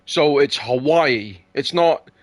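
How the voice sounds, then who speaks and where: A man's voice: fairly high pitch, takes it slowly, dry recording. A man arguing heatedly in casual chat, swearing often and tripping over his words. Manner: heated, swears freely, stumbles and repeats himself.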